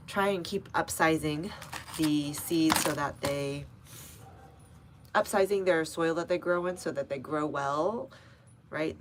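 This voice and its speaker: A woman's voice: low-pitched, noisy background. A young woman with a Texas accent hosting a casual gardening live stream, chatty and easygoing, answering viewers by name with frequent laughs. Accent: Texan. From North Texas. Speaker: gardening channel host. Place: home front garden, outdoors.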